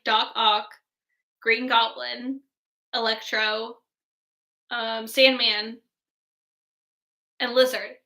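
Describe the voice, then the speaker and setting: A young woman vlogger chatting casually about a movie, gushing and excitable, filling her talk with "like". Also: fairly high pitch. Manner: gushing, heavy use of "like", excitable fangirl tone. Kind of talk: casual movie review chat.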